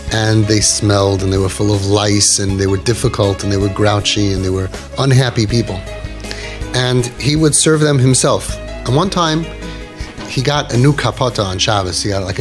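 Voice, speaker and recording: A man coaching parents in an inspirational talk, telling stories and repeating key phrases with emphasis. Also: lowish voice.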